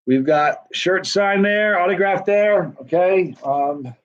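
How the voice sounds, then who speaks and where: A man's voice: sits high, slow pace. Chatty man hosting a livestream. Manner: rambling, chatty salesman patter. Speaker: livestream host selling signed hot sauce. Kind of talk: casual livestream chat. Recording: dull, muffled lo-fi sound.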